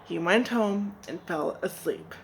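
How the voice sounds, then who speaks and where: Woman from Nigeria reading a folk tale, slow and gentle, soft hiss behind. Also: fairly low pitch, expressive, creaky, rough recording. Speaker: storyteller. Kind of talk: storybook narration.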